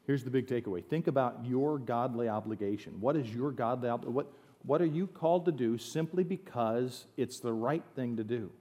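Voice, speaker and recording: A man's voice: mid-range voice, moderate pace, warm tone. A middle-aged man from the United States, preaching a sermon as a pastor in a conversational way that swings into emphatic bursts.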